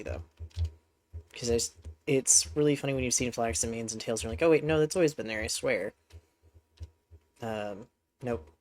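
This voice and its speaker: A man streaming a horse game, talking casually to his horses in a rambling, chatty way, with a congested voice. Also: mid-range voice. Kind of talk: casual gameplay commentary.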